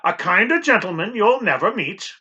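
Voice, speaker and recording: A man's voice: high-pitched, sing-song, moderate pace, bright, forceful tone, dull audio, pitched above the performer's own voice, heavily acted. A man doing a stern scolding housekeeper woman. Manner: clipped, scolding, commanding. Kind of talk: audiobook character voice.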